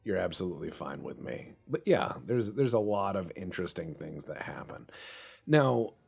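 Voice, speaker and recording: A man's voice: sits low, sing-song, moderate pace, gravelly, a little mellow, breathy edge. A man chatting casually and rambling while commentating a strategy game, swearing now and then. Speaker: gaming channel host.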